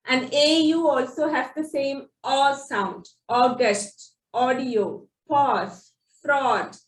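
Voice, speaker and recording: Slow, high-voiced woman teaching phonics. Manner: drawn-out, deliberate sounding-out of example words. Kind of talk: slow instructional explanation. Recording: echoey room, distant from the mic.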